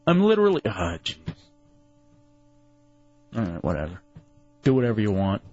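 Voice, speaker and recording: A man's voice: lowish voice, wildly swooping pitch, normal speed, darkish tone, no echo, faint music behind. Ranting male radio co-host, lo-fi sound. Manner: ranting, exaggerated mock outrage. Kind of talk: casual radio banter. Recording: muffled lo-fi radio broadcast.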